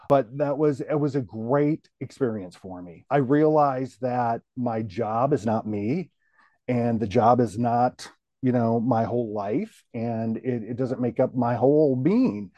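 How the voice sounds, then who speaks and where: A middle-aged man, a guest on the show, telling his career story in a relaxed, rambling way full of "you know" fillers. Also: medium pitch, dry recording, muffled recording. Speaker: guest, TV station general manager.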